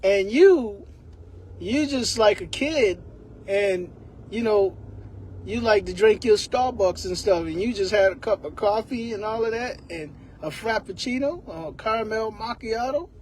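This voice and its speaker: A man's voice: high voice, unhurried, a little mellow, a little hiss or hum. A man giving a rambling comedic monologue, laughing often.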